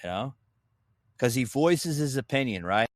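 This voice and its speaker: A man's voice: mid-range voice, expressive, unhurried, no echo. A man hosting an opinion podcast, ranting in a heated, sarcastic way and swearing as he talks to his listeners. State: a little winded. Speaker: podcast host.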